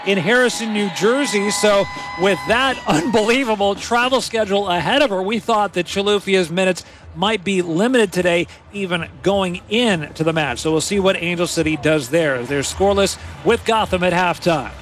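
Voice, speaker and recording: A man's voice: high-pitched, moderate pace, fairly bright tone, slight background noise. A man giving halftime radio commentary from a stadium booth, emphatic and openly opinionated. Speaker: radio broadcaster.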